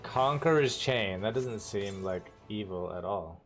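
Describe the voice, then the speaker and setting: A man's voice: lowish voice, animated, unhurried, faint music behind. A man streaming a role-playing game, joking casually and swearing when things go wrong. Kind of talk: casual gaming livestream chat.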